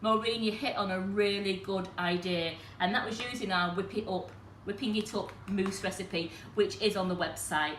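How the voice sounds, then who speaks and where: A woman's voice: medium pitch, fairly even intonation, moderate pace, few pauses. A woman hosting a live cooking demonstration in a kitchen, chatting to viewers as she explains each step. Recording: echoey kitchen with faint noise.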